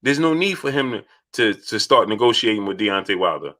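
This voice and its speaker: Male live-stream host, bright forceful tone, repetitive, shouts out viewers by name. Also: fairly low pitch, expressive, brisk. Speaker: host of a boxing talk stream.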